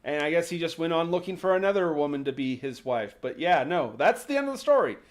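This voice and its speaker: A man's voice: on the high side, lively intonation, quick pace. A man hosting a livestream, retelling a folk tale casually with sarcastic, mocking asides and casual swearing. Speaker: host.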